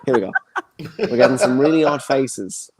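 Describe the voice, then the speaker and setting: Against a noisy background, a twenty-something Irish host runs a live online comedy show over a video call from the bedroom he grew up in. His medium-pitched voice is animated and moderately paced, delivering chatty, joking stand-up.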